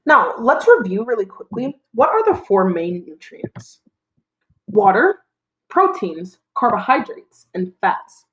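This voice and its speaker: Prompting young children to respond, a woman leads a recorded lesson in a clear, encouraging, mid-range voice whose pitch bounces lively up and down. She leaves pauses for their answers, and the sound is lo-fi.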